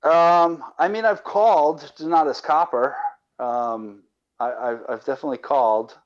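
A man's voice: a little high, measured pace, lo-fi sound. A man guest on a casual podcast, rambling and restarting his sentences. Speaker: caller and guest.

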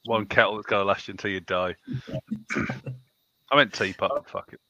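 A man's voice: on the low side, fairly even intonation, normal speed, pushed and bright, muffled recording. A man joking and giggling through casual podcast banter.

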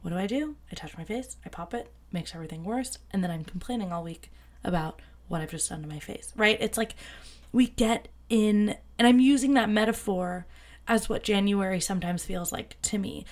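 A young adult woman hosting a solo podcast, talking casually and chattily with lots of fillers and excited self-quotes. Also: medium pitch, moderate pace. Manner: bubbly, chatty, many fillers, quoting herself in excited voices. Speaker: podcast host.

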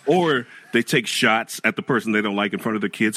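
A man co-hosting a podcast in animated casual chat, laughing often and acting out imagined quotes. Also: fairly low pitch, brisk, slightly rough, dry recording. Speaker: podcast co-host.

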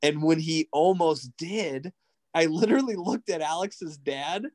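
A man, telling a racing story in a casual, excitable way and acting out quotes. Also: a little high, unhurried. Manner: animated, excitable, acts out quotes. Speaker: guest, racing driver coach.

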